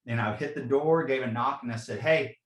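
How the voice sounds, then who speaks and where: A man's voice: medium pitch, brisk, echoey room, low-quality recording. A man in his forties, a fire captain, earnestly telling personal stories in a podcast interview and often saying "you know". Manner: earnest, frequent "you know", repeats himself.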